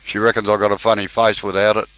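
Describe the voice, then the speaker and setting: A man's voice: on the low side, flat delivery, quick pace, fairly bright tone, no room sound, rough recording. An Australian man hosting a live woodworking chat, easygoing, laughing often and using local slang. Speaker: host of live woodworking stream. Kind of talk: casual chat.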